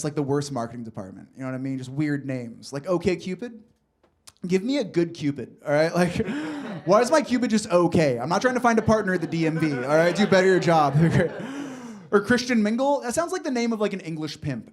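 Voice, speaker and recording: A man performing a stand-up comedy set on a club stage, chatty and loose, often laughing and talking to the crowd. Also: fairly high pitch. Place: comedy club stage before a live audience.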